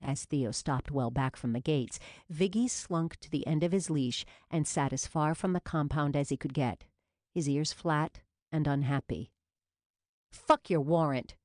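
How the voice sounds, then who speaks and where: A woman narrating a police novel as an audiobook in an even, measured reading. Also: deep voice, no room sound, clean studio sound. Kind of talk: scripted narration.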